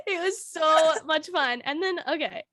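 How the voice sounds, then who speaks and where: A young woman co-hosting a podcast, telling a story in a casual, animated way, laughing often and shrieking when she acts out quotes. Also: high voice, unhurried, no echo, studio quality. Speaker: podcast co-host.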